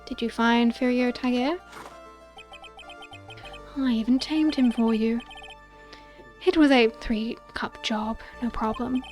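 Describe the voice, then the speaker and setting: A woman voicing a cool, smug older male prosecutor, speaking low and unhurried. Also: steady tone, darkish tone, soft background music.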